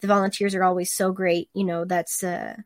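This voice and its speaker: A woman's voice: lowish voice, fairly quick, no echo. Chatty woman guest, casual, laughs easily, dry close sound. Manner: chatty, laughs often, lively retelling. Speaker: podcast guest, convention volunteer. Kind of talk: casual chat.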